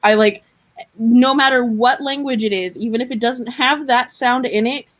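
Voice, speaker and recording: A woman's voice: on the high side, moderate pace. A woman from Arizona, chatting casually, rambling and self-deprecating. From Arizona, USA. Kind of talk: casual chat.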